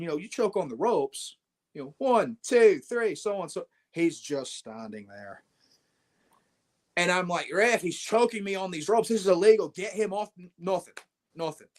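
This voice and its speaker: A man with a voice pitched a little above most men's. He tells a story in an interview in a blunt, animated way, and he acts out his own lines as he goes. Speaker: wrestler guest.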